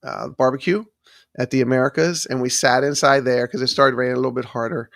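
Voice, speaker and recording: A man hosting a live stream chats casually and fast, rambling, often restarting sentences and thanking chat viewers by name. His medium-pitched voice is steady, gravelly and a bit bright, recorded with clean studio sound and no room sound.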